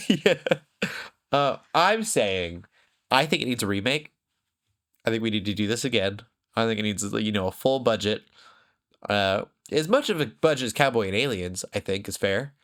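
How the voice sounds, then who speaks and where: This podcast co-host, a man, talks casually and rambles with plenty of fillers and laughter. His fairly low, slightly bright voice has lively intonation at normal speed.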